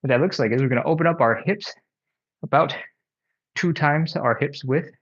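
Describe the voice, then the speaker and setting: A man's voice: a little high, moderate pace, a bit bright, slightly rough, dull audio. A man leading a live home stretching workout, counting reps and coaching casually, a bit out of breath. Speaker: stretching instructor.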